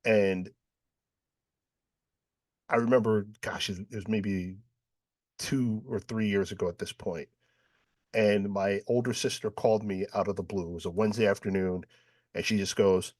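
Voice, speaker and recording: A man's voice: fairly low pitch, fairly even intonation, normal speed, long pauses, darkish tone, no room sound, clean studio sound. A man from New York hosting a panel, telling a personal story and acting out the dialogue. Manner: storytelling, acts out quoted dialogue, frequent "right?". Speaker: panel host. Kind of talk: panel discussion.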